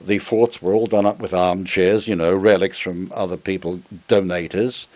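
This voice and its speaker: An older man from Australia looks back on his years as a radio presenter, answering at length and often stopping to restart. His voice sits fairly low. The recording sounds dull and lo-fi. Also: fairly even intonation, moderate pace, darkish tone. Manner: rambling, with frequent ums and restarts. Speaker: interview guest, former radio presenter. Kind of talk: reminiscing interview answers.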